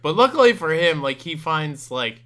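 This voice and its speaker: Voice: medium pitch, big pitch swings, normal speed, fairly bright tone. A podcast co-host chatting casually about a horror movie, tossing in wry quips and laughing asides. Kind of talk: casual comedic movie recap.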